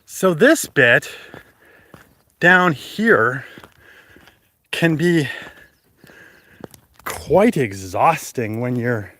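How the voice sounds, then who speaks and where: A man's voice: mid-range voice, lively intonation, very slow, long pauses, bright, forceful tone. A man chatting on a livestream while hiking up a mountain trail outdoors, rambling and laughing, short of breath from the climb, talking into a phone at arm's length. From Canada. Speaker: hiking vlogger and livestream host. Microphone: phone held at arm's length.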